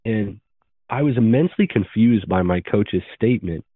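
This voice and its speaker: A man in his thirties recounts his past in an earnest, brisk storytelling manner. His voice sits very low. The sound is dry and narrow, like it came down a phone line. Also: expressive, breathy edge, no echo. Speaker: podcast guest. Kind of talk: storytelling interview.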